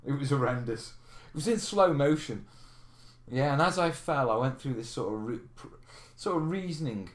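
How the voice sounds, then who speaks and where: A man's voice: medium pitch, animated, moderate pace. A man hosting a live question stream, chatting casually, laughing and reading out viewer comments. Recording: roomy echo.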